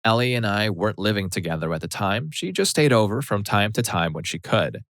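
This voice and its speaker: A man narrating a Reddit story aloud in a plain, steady telling. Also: on the low side, a little fast, no room sound.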